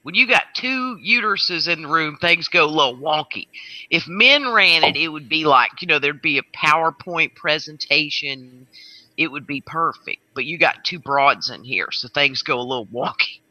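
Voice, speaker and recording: A woman's voice: low voice, lively intonation, normal speed, bright, forceful tone, dry recording, muffled recording. A woman on an online panel who talks in a brash, joking, salty way. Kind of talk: casual online panel chat.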